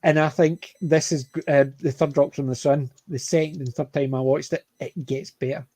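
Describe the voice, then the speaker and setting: A middle-aged Glaswegian man hosts a casual panel chat, spinning anecdotes in a lively way. His voice sits fairly high, and the recording is dry and close with no room sound. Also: moderate pace, no room sound. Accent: Glaswegian Scottish. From Scotland, Glasgow area. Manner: chatty, anecdotal, animated. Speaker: panel host.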